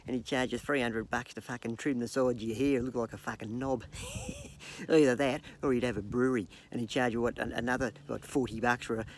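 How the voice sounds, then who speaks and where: Gravelly Australian man spinning profane yarns. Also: medium pitch, fairly even intonation, fairly quick, slight background noise. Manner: profane, joking, laughs at his own gags; hesitant fillers and restarts. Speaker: comedic vlogger. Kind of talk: rambling yarn-telling to camera.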